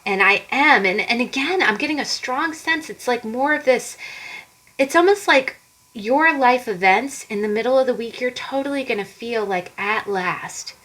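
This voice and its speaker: A woman's voice: on the high side, lively intonation, normal speed, a bit bright, poor audio. A woman giving a casual tarot card reading to viewers, chatty and encouraging, often repeating herself.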